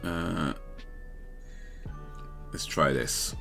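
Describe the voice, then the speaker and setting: A man's voice: low-pitched, drawn-out words, creaky, pushed and bright, faint music behind. A man hosting a casual livestream chat, rambling, laughing and trailing off mid-thought. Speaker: livestream host.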